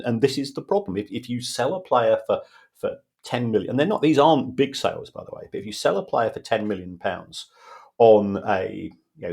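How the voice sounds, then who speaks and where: Low gravelly man explaining finance. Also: darkish tone. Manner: patiently explains finance with everyday examples. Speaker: football finance expert co-host. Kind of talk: casual explanatory podcast chat.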